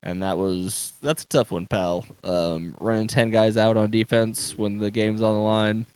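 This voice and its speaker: A man's voice: on the low side, little pitch movement, unhurried, darkish tone, clear, resonant tone, no room sound. A man co-hosting a sports podcast, chatting in an easygoing way and laughing often between phrases. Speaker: podcast co-host. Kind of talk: casual sports chat.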